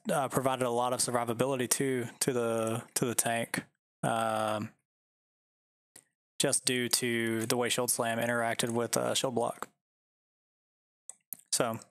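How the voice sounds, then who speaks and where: A man's voice: mid-range voice, a bit bright, no room sound, clean studio sound. A man chatting casually while streaming a game from home, rambling and laid-back, swearing often.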